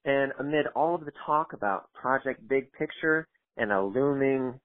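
A man's voice: medium pitch, moderate pace. A man from the United States leaving an upbeat, chatty voicemail question for a podcast. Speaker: caller. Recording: tinny phone voicemail.

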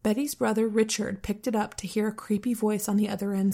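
A woman's voice: mid-range voice, flat delivery, a little fast, gravelly, few pauses, warm tone. A woman co-hosting a true-crime podcast, narrating the case in an earnest, easygoing way. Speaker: podcast co-host. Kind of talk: casual true-crime storytelling.

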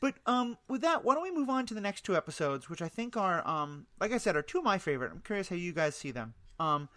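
A man with a somewhat high voice hosts a relaxed podcast chat. He hesitates often, with ums and restarts, as he sums things up. The sound is dry and close. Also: fast talker, dry recording. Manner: hesitant, many ums, recaps plot. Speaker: podcast host. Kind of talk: casual chat.

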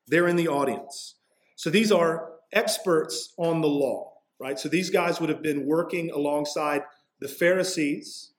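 A man preaching a sermon in a conversational way, often checking in with "right?" and acting out the people he quotes. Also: on the high side. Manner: conversational preaching, frequent "right?" asides, acts out quoted voices. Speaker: pastor.

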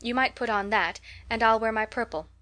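A woman voicing a polite, quietly rebellious teenage girl in an audiobook reading, with a reserved manner. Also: fairly high pitch, a little fast.

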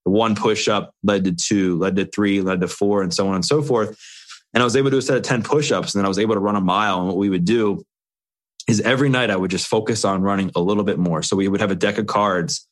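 A man's voice: on the low side, steady tone, fast. A man in an interview, earnestly telling his own story in short, run-on phrases. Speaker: interview guest. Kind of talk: candid personal storytelling.

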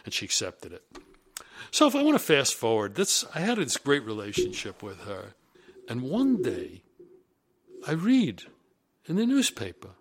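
A man who is a business executive, telling career stories in a deliberate, emphatic and animated monologue. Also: medium pitch, slightly rough. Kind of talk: storytelling monologue.

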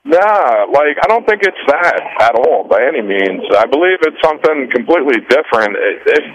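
A man's voice: fairly high pitch, sing-song, normal speed, highs cut off, slight background noise. A man calling in to a radio show, talking casually and searching for his words. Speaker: caller. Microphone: phone line.

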